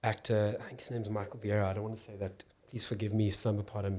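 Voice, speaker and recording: A South African man, an actor and comedian, talking as a podcast guest in a thoughtful, halting way, often restarting his sentences. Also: on the low side, little pitch movement. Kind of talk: casual podcast conversation.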